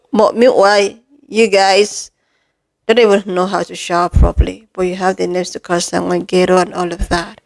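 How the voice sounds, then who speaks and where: A woman with a medium-pitched voice, on a low-quality recording, gives heated commentary to camera as a commentary creator. She fires off emphatic rhetorical questions and calls her viewers "lovelies".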